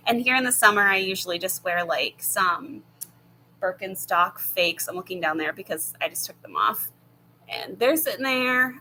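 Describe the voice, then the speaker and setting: A woman's voice: mid-range voice, sharp tone, slight background noise, rough recording. A woman in her thirties hosting a casual live chat from home over her laptop, rambling and friendly with lots of fillers. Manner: chatty and rambling, many fillers and laughs. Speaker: channel host answering viewer questions.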